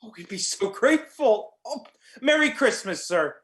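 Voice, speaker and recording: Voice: medium pitch, big pitch swings, moderate pace, fairly bright tone, roomy sound. An actor playing a humble, grateful clerk and father who thanks his boss eagerly. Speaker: stage actor. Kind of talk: community theatre acting.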